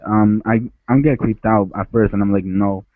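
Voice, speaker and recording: A man's voice: fairly low pitch, fairly even intonation, moderate pace, no echo. A man from Ecuador calling in on a headset, telling a childhood story in a rambling way with many restarts. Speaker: caller. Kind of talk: phone-in storytelling. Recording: dry, tinny phone-like line.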